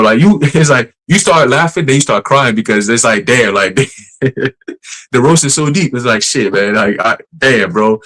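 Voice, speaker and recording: A man preaching casually on a livestream, blunt and profane, laughing often and slowing down to read scripture verses. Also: medium pitch, fairly bright tone, rough recording.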